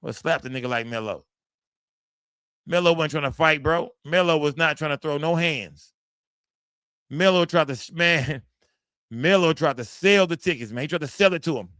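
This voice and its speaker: A man's voice: on the high side, normal speed, pauses often, a bit bright, smooth, no echo, clean studio sound. Profane, fired-up man hosting a livestream. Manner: profane, emphatic, talks straight to the chat. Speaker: livestream host. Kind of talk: livestream commentary.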